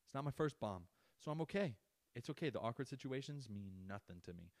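A man's voice: mid-range voice, lively intonation, fast, dry recording. A young adult man hosting a podcast, telling a story in a casual, profane, ranting way. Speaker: podcast host.

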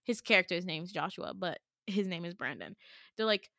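A woman's voice: lowish voice, moderate pace, gravelly, no echo, clean studio sound. Emphatic young woman telling a story. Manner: emphatic and animated, swears freely. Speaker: podcast host. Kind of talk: casual personal storytelling.

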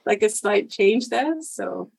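Brief: woman from India, podcast guest, mid pitch, reflective, halting with fillers, dry close mic. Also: animated, creaky, darkish tone, breathy edge, dry recording, rough recording. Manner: reflective, many fillers and restarts, laughs often. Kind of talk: casual interview talk.

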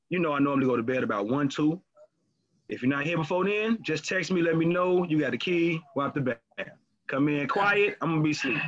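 A man in casual chat as a podcast co-host, talking candidly and profanely with animated storytelling. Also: fairly high pitch. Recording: lo-fi muffled recording.

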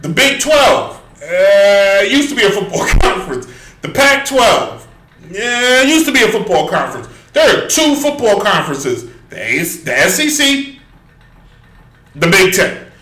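A man's voice: high-pitched, very animated, unhurried, pushed and bright. A man hosting a sports talk show, ranting with emphatic asides and rambling restarts. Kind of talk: opinionated sports rant. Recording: echoey room.

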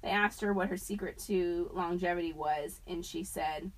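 A woman's voice: on the low side, fairly even intonation, normal speed, poor audio. A young woman co-hosting a podcast, chatting casually, laughing often and swearing freely. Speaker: podcast co-host. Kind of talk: casual chat.

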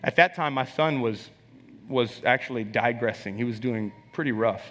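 In a sermon recorded with long hall reverb, a man gives his testimony through a personal story, speaking emphatically yet conversationally. He repeats phrases often and questions the congregation, his mid-range voice fairly bright at normal speed.

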